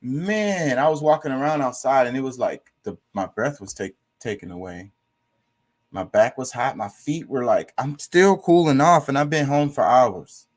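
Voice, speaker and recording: A man's voice: medium pitch, animated, moderate pace. A man reading viewer comments aloud and reacting to them in blunt, profane casual chat aimed straight at his audience. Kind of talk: casual live-stream commentary.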